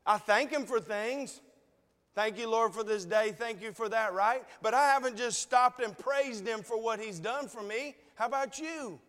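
Earnest preacher, a man with a very high voice, chatty, long hall echo. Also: moderate pace, a bit bright. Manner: earnest, conversational, repeated rhetorical questions. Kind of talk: sermon. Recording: long reverb of a large hall.

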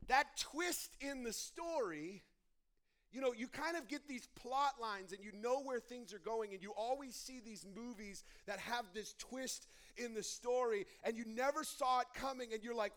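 A young man preaching a sermon, telling a story with lively energy and frequent restarts. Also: very high-pitched, moderate pace. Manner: animated storytelling, many restarts. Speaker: pastor.

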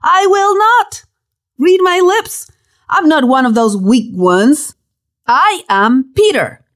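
A woman's voice: high-pitched, big pitch swings, slow, a bit bright, voice pushed up, heavily acted. A woman putting on Peter, a cocky boastful disciple. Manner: cocky, emphatic, dismissive. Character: brash boastful male disciple, proud and stubborn.

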